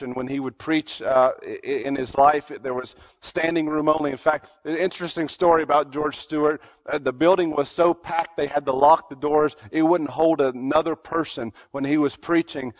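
A man preaching a sermon, telling a story earnestly, dropping his voice low and then rising for emphasis. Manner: earnest storytelling, drops to near-whispers and rises for emphasis. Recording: dull lo-fi recording.

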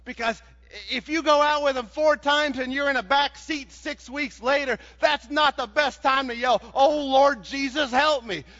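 A man preaching a sermon in a folksy, animated way, building to shouts. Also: very high voice, normal speed. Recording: dull sound with long hall reverb.

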